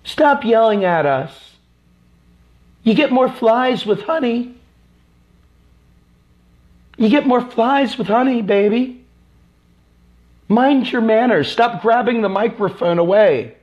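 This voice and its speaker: A man's voice: very high-pitched, expressive, takes it slowly, long pauses, highs cut off, pitched above the performer's own voice, full character voice. A man putting on the voice of a prissy conservative man who scolds a rally speaker in a mocking, sing-song way.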